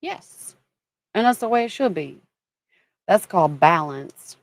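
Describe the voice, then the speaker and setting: A woman's voice: on the low side, expressive, normal speed, dry recording. A woman from Kentucky hosting a casual livestream, chatting and greeting viewers by name as she talks. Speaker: livestream host.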